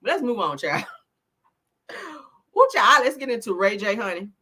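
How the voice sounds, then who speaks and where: A woman's voice: on the high side, very animated, unhurried, pushed and bright, husky. A woman hosting a casual commentary show, reading viewer comments in a slangy way and laughing often. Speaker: show host.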